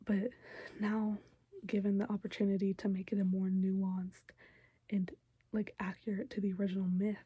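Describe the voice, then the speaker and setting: A young woman giving a whispered role-play style recap of a show episode, talking softly with lots of fillers. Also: medium pitch, little pitch movement, normal speed, slightly rough, no echo. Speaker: show reaction youtuber.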